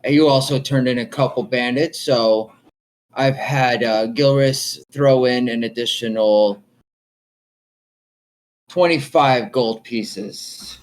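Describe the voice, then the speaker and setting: Businesslike male patron, voiced by a game master, measured and persuasive. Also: mid-range voice, steady tone, lightly acted, poor audio. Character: businesslike male quest giver, composed and persuasive.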